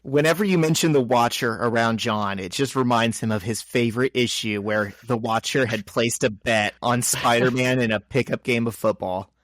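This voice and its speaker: A man on a podcast walks through a comic's plot with wry humor, tossing in quick character voices. His voice sits at an ordinary middle pitch. The sound is close and dry, with no room echo. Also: fairly bright tone. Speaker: podcast co-host. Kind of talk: casual chat recapping a comic.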